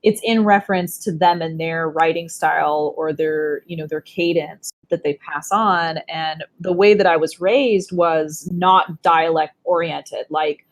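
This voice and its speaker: A woman leading a panel chat, speaking in a thoughtful, measured way. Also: sits low, fairly even intonation.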